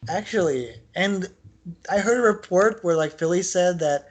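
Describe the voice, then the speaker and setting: A man co-hosting a podcast in casual sports chat, talking in an animated, rambling way with lots of filler words. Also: high-pitched, moderate pace. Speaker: podcast co-host.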